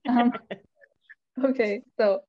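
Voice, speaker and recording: A woman's voice: a little high, fairly even intonation, slow. A woman from the Philippines, a fan asking questions on a video call, talking hesitantly with many fillers. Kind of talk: casual video chat. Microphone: video call mic. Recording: dull, dry video-call audio.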